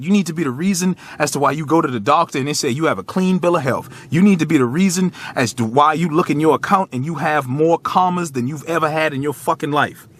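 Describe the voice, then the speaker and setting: A man in his thirties giving a raw, profane motivational monologue straight to the viewer, at times choked up. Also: a little high. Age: 30s. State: tearful, choked up. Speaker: motivational vlogger. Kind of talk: emotional motivational monologue to camera.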